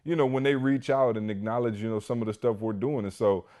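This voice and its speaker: A man co-hosting a podcast, telling a story in a casual, animated way full of "you know" and "like". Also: medium pitch, quick pace. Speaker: podcast co-host.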